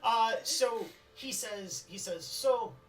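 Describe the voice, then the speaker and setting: A man narrating as game master of a tabletop role-playing game, animated and chuckling. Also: extremely high pitch, takes it slowly, reverberant, far from the mic, faint music behind.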